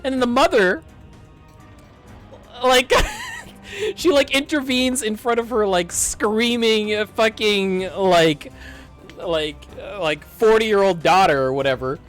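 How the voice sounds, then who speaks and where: A man's voice: high voice, slow, long pauses, faint music behind. A man casually ranting through a story from his retail job, acting out the dialogue and swearing as he goes. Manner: animated, acts out dialogue, swears and laughs. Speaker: streamer telling a work story.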